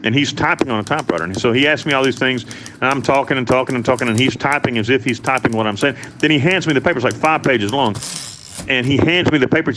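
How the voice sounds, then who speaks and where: A man's voice: medium pitch, expressive, fast, a bit bright, slight background noise. Blunt, profane American man telling his story. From United States. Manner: blunt and profane, rambling with restarts. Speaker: interview guest. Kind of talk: candid storytelling.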